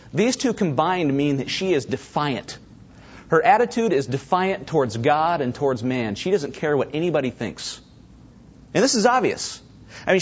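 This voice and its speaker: A man preaching a sermon, his husky voice riding a lively, swooping pitch as he acts out voices and turns to the congregation. The recording is dull and lo-fi. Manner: animated, acts out quoted voices, talks directly to congregation. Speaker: pastor.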